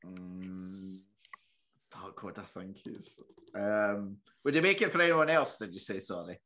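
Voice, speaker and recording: A man's voice: sits low, measured pace, sharp tone. A man, co-hosting a casual podcast, swearing freely and laughing often. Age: 20s. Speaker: podcast co-host. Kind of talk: casual chat among friends.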